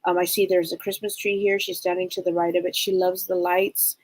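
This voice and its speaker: A woman with a low, breathy, husky voice works as a psychic medium on a live show. She talks gently and often gropes for the right words. The sound is dry, with no room around it. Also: flat delivery, a little fast, no echo, rough recording. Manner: gentle, searching for words, relays spirit messages.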